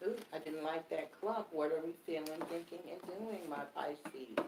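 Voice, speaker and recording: A woman giving a live tarot reading, animated and repetitive, speaking straight to her audience. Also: low voice, moderate pace, reverberant, far from the mic, very noisy. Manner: animated, repetitive, swears casually, talks to the audience directly. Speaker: tarot reader.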